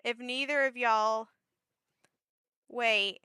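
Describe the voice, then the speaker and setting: A woman streaming a story game, reading it aloud and reacting with lots of laughter and excited shouts. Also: on the high side, drawn-out words, clean tone, dry recording.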